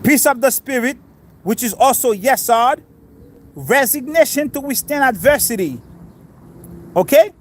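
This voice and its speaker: A man with a notably high voice teaches scripture outdoors, talking loosely and throwing questions at his listeners before explaining the answers. He sits on grass, and faint outdoor noise runs underneath. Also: animated, measured pace, long pauses. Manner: informal, quizzes listeners and explains terms. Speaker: spiritual teacher. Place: outdoors, sitting on grass in the wind.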